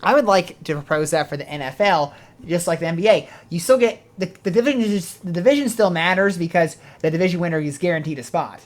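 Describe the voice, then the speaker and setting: A sports podcast co-host who talks fast and sits at a middle pitch. The voice teases the partner and keeps chiming in with quick agreement through the casual chat. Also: animated. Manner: teasing, quick to agree and chime in.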